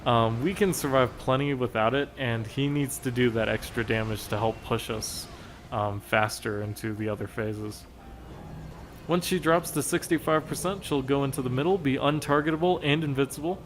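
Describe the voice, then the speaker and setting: A man's voice: medium pitch, normal speed, soft background music. A man commentating over gameplay footage, explaining a raid strategy in a chatty, rambling way and laughing at his own slip-ups.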